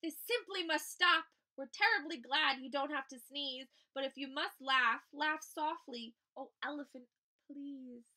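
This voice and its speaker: A woman's voice: high-pitched, animated, unhurried, fairly bright tone, full character voice. Woman playing a cheeky little mouse. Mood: scolding. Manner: teasing, playful.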